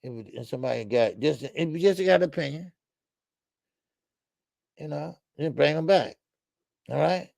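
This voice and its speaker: A man hosting a casual boxing talk stream, animated and profane, rambling through stories, laughing and answering the chat. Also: a little high, normal speed, gravelly, pauses often, no room sound, studio quality. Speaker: boxing talk show host. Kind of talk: casual live-stream commentary.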